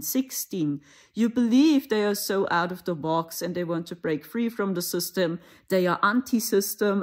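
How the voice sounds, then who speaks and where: A woman from Germany with a German accent, talking in a rambling, conversational monologue for her own channel. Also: mid-range voice. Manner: rambling, conversational, with mocking asides. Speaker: spiritual channel host. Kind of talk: casual spoken monologue.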